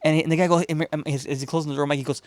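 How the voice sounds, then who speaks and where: A man's voice: a little high, rapid-fire, dry recording, clean studio sound. A man from Chicago hosting a podcast, telling a long, profane, rambling story in casual chat and acting out the people in it. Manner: profane, rambling, animated retelling with quoted voices. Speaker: podcast host.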